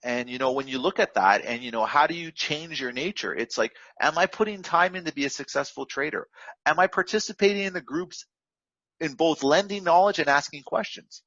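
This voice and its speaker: A man's voice: on the high side, brisk, bright, forceful tone, no room sound, muffled recording. A man giving an unscripted, direct coaching talk on trading discipline, full of fillers and restarts. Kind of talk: unscripted motivational lesson.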